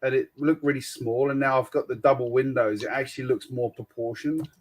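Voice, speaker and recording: A man's voice: mid-range voice, steady tone, brisk, low-quality recording. A man hosting a livestream, chatting casually and matter-of-factly while building, with a dry humour. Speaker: host.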